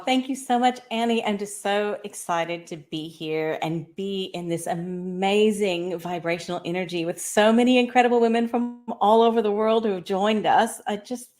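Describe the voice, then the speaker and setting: An American woman in her sixties whose accent has picked up a slight Australian tinge. She tells her story as a guest, chatty and upbeat. Her voice sits at a middle pitch and comes through a video call. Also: moderate pace, hardly any pauses, darkish tone. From United States. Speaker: guest entrepreneur. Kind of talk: interview storytelling.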